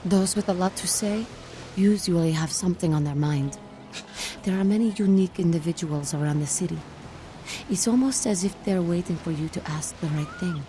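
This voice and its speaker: A woman's voice: fairly low pitch, normal speed, noisy background, lightly acted. An actress playing a riddling, mysterious female fortune teller in a video game. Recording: clear music behind.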